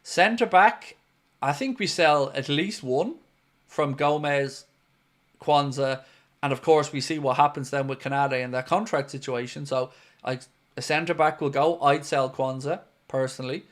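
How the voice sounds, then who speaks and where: Blunt man, slightly high voice. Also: a little slow, fairly bright tone. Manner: opinionated, blunt, with frequent "um" and "look". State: has the hiccups. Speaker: football fan channel host. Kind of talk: live-stream football chat reading viewer comments.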